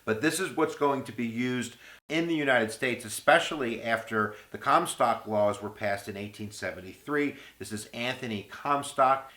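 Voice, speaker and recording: A man giving an energetic history video lecture, full of goofy jokes and playful asides. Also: lowish voice. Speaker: history teacher. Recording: roomy echo with faint music.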